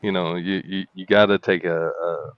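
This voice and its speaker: A podcast host with a very low voice stammers and restarts as he answers. The recording is a bit dull and lo-fi. There is no echo around him. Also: steady tone, normal speed. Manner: stammering, repeats words, joking. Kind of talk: casual podcast conversation.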